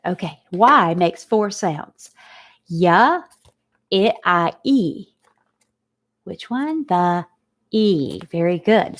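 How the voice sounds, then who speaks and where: A woman teacher giving a recorded phonics lesson to young students, slowly sounding out letters and praising her pupils. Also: fairly low pitch.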